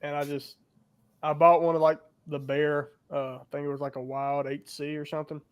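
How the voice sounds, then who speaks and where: A man's voice: a little high, flat delivery, normal speed, smooth. A man hosting a podcast, rambling in casual chat with many fillers. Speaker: podcast host.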